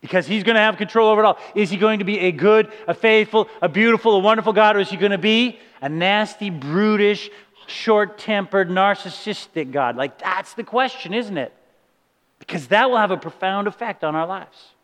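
High-voiced male preacher in reverberant hall. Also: fairly quick, a bit bright. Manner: emphatic, asks the listeners rhetorical questions. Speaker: pastor. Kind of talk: sermon. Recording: long reverb of a large hall.

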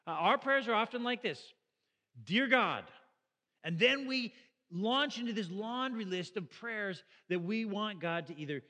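Male pastor, high bright voice. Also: expressive, moderate pace, in a large hall. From Canada. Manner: conversational, asks the listeners questions. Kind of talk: sermon.

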